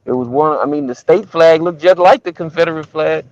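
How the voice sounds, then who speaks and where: A man's voice: a little high, a little fast, darkish tone, dull audio. A man from Alabama, calling in to a talk show and making his point with emphatic, preachy rhetorical questions. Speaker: caller. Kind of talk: call-in show chat.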